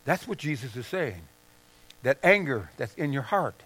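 A man's voice: mid-range voice, very animated, normal speed, fairly bright tone, breathy edge. A middle-aged male pastor giving a conversational sermon to a congregation, often acting out quoted voices and asking "right?" and "okay?". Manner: conversational, confessional preaching with acted-out quotes. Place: church sanctuary with congregation.

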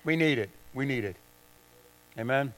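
A man's voice: mid-range voice, normal speed, a bit bright. An older man preaching a sermon, emphatic and repeating phrases for stress. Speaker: pastor.

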